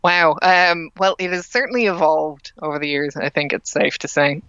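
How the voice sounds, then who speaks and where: A woman's voice: deep voice, steady tone, moderate pace, a bit bright, smooth, no echo, dull audio. A woman in her late thirties with an Irish accent, chatting casually as an interview guest, self-deprecating and full of ums. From Ireland. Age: late 30s. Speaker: guest, drag king performer.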